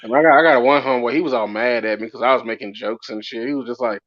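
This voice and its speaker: A man as a guest in a casual late-night chat, telling stories in slangy, animated talk. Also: medium pitch, rapid-fire, few pauses, dull audio.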